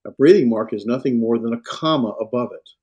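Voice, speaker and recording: A man lecturing on Greek to a class, halting and full of fillers and self-corrections. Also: medium pitch, darkish tone, husky, highs cut off. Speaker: Greek instructor.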